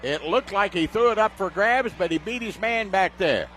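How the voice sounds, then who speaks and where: Excitable radio football announcer, man. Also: high voice, normal speed, slight background noise. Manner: excitable, shouts on big plays. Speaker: play-by-play announcer.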